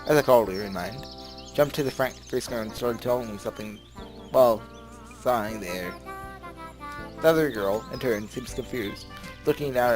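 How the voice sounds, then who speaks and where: A man at home in his bedroom, reading a visual novel's text aloud and chatting about it in a rambling, giggly way, often tripping over his words. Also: mid-range voice. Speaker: let's play gamer. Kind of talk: casual let's play commentary, reading game text aloud.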